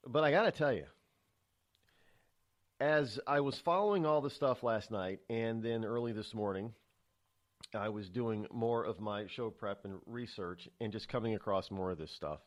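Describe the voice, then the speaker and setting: A man's voice: fairly low pitch, normal speed. Talk radio host man, chatty and fuming. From New England, United States. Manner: chatty, then angry, with many fillers and restarts. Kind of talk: live call-in talk radio monologue.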